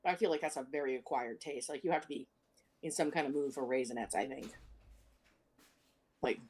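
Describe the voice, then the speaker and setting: A woman's voice: very deep voice, brisk, darkish tone, slightly rough. A woman co-hosting a live stream, chatting animatedly and reading viewer comments aloud. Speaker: livestream co-host reading chat. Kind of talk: casual chat.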